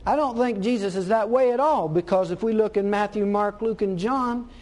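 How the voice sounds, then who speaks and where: A man with a high voice preaches a sermon. He hammers his points home, circling back to the same phrases again and again. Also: moderate pace, darkish tone. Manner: emphatic, repeats key phrases.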